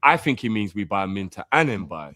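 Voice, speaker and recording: Animated man hosting a live show. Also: lowish voice, no echo, studio quality. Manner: animated, laughing, quick to tease. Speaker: host of a live fan show. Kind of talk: casual live-stream banter and reading viewer messages.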